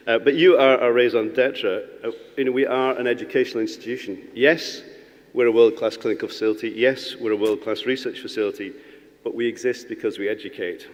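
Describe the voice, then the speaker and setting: A man giving a humorous graduation speech as college principal, with ums and restarts, in a large hall. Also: lowish voice. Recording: reverberant hall sound.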